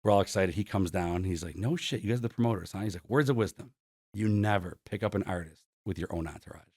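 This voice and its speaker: Talking fast in a low, slightly mellow voice, a forties-aged Buffalo, New York concert promoter recounts stories as an interview guest. He performs the dialogue he quotes and relies heavily on "like." The recording is dry and clean, studio style.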